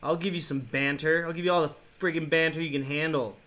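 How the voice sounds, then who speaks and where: A man's voice: a little high, fairly even intonation, fast talker, fairly bright tone. Man raging and cursing over a game. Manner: swears and rages in bursts, then mutters apologies; taunts his opponent in a mocking tone. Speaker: gaming vlogger. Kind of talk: live reactions while playing a mobile game.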